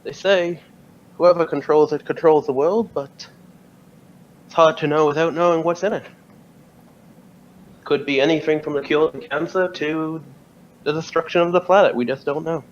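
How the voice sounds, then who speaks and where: A man voicing a confident male military commander with a soft Irish accent, in a tabletop game. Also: a little high, fairly even intonation, normal speed, long pauses, dull audio, pitched above the performer's own voice, lightly acted. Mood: measured. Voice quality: soft-spoken.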